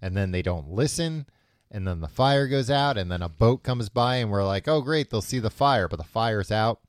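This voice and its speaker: A man's voice: on the low side, animated, moderate pace, clear, resonant tone, no echo, clean studio sound. A man casually retelling a book's plot on a podcast, full of fillers and restarts, slipping into the characters' voices. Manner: rambling with many fillers, acting out characters' lines. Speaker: podcast host recapping a book. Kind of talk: casual chat.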